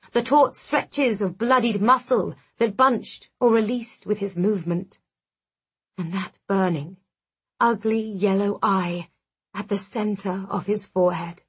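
A woman reads first-person fantasy narration in a measured, dramatic delivery. Her pace is slow and unhurried. Her voice has a soft, breathy edge, and her pitch sits in the middle. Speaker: audiobook narrator.

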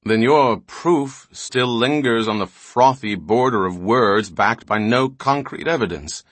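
A man's voice: medium pitch, measured pace, fairly bright tone, no echo. A man voicing a harsh, scornful male general who mocks what he hears. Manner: sour, mocking.

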